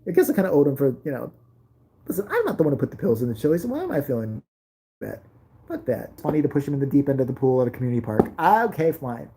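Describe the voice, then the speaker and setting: A woman's voice: rumbling low, sing-song, racing, dark tone, breathy edge. A middle-aged woman telling a profane comic story about her school days, brash and laughing as she goes.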